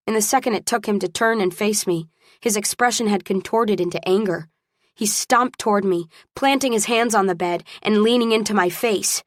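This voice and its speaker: A woman's voice: medium pitch, moderate pace, no room sound. Woman narrating an audiobook, dry close sound. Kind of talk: first-person audiobook narration.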